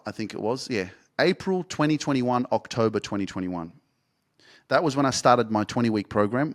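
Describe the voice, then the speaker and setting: Young man, low voice, casual podcast storytelling, swears a lot, rambles. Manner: candid, swears freely, rambling with restarts. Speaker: podcast host and life coach.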